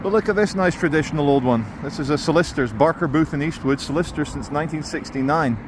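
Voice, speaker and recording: A man's voice: a little high, quick pace, background noise. A man walking through town streets and filming himself, giving wry, sarcastic running commentary as a YouTuber. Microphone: handheld camera mic while walking.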